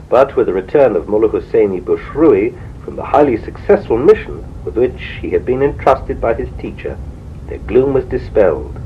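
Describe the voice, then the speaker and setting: Expressive man reading a history book aloud. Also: mid-range voice, phone-quality sound, a little hiss or hum. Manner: measured, expressive reading with rising emphasis on quotes. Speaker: reader.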